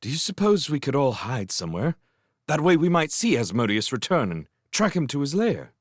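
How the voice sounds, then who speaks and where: A bold young mouse warrior, as a male reader puts him on, blunt and impatient with rules. His voice sits a little higher than the narration and swings widely. The sound is dry and close. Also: big pitch swings, normal speed, no echo. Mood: thoughtful.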